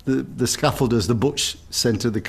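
A man's voice: mid-range voice, moderate pace, creaky, husky. A man co-hosting a casual chat, telling anecdotes animatedly and slipping into mimicked voices with frequent laughter. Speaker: co-host.

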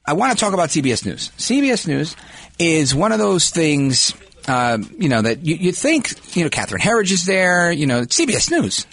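Brash, animated male radio host. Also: a little high, slightly rough, dry recording. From United States, Puerto Rican descent. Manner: brash, animated, self-assured. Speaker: radio talk show host. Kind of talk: talk radio monologue. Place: radio studio. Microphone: studio microphone.

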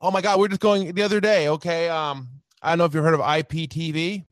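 A man with a somewhat higher voice talks as a guest on a podcast. He is animated and laughs easily, and he fills his speech with casual tags. The sound is close and dry, with no room echo. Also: fast. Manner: animated, laughs often, uses many fillers like "right" and "you know". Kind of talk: casual chat.

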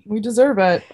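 A young woman co-hosting a casual podcast over a video call, telling a rambling, animated story. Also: mid-range voice. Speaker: podcast co-host. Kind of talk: casual chat.

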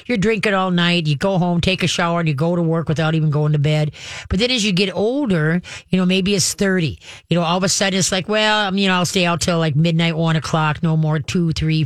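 A man hosting a call-in radio show, giving folksy, animated dog-training advice to callers. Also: on the high side, no echo, studio quality. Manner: folksy, animated, acts out dogs and owners.

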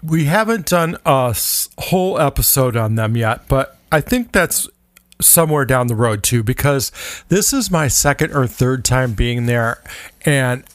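A man co-hosting a food podcast in a small studio, chatting in a relaxed, rambling way with many fillers. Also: medium pitch, unhurried, no room sound. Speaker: podcast co-host. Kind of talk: casual chat.

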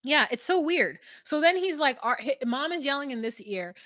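A woman's voice: high voice, expressive, normal speed, a bit bright, no room sound. A woman co-hosting a reality TV recap podcast, chatty, retelling scenes with quoted dialogue. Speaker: podcast co-host. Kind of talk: casual recap chat.

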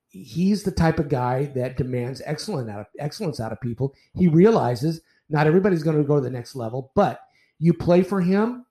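An older man, a retired baseball umpire, telling profane, animated stories in a casual podcast chat, often restarting his sentences. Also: mid-range voice. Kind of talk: casual storytelling in a podcast interview.

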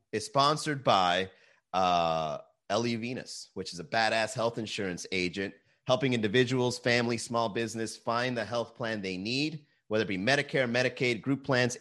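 A man's voice: mid-range voice, fairly bright tone. Swearing thirty-something man ranting casually. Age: 30s. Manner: loose, swearing, addresses listeners as bro and man. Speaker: podcast host. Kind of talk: casual profane rant.

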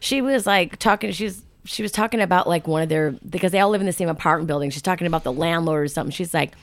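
Laughing, animated woman telling stories. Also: lowish voice, very fast. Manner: animated storyteller, laughs often, swears. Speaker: podcast guest, musician. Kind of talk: casual chat.

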